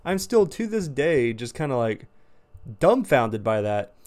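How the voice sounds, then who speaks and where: A man telling a casual story to camera, animated and exasperated, swearing often. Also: medium pitch, unhurried. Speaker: storytime vlogger.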